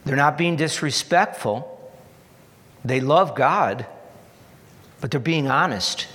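Preaching a sermon at a slow pace, a pastor lingers over every phrase in an earnest, repetitive style, his medium-pitched voice full of lively intonation. He climbs to emphatic peaks and then falls back into soft asides, while a long reverb makes him sound as if he fills a large hall.

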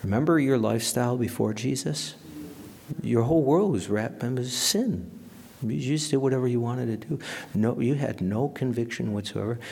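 A man's voice: mid-range voice, lively intonation, moderate pace, vocal fry, darkish tone, husky. A man preaching a sermon as pastor, emphatic, dropping to a whisper for quoted lines.

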